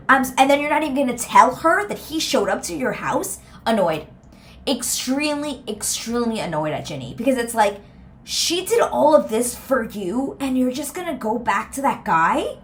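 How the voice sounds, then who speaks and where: With a fairly high pitch and a normal speaking speed, a young woman vlogs her reactions to TV in a casual, animated, exasperated way. Her talk is full of "like" and "girl," and a slight hiss or hum sits under the recording.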